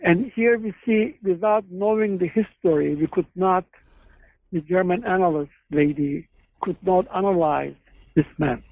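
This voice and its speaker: A man's voice: sits high, a little slow, vocal fry, no room sound. A man, a guest author and psychoanalyst, telling case stories in a rambling, hesitant way. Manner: discursive storytelling, frequent hesitations and self-corrections. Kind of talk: conversational interview. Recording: phone-line audio.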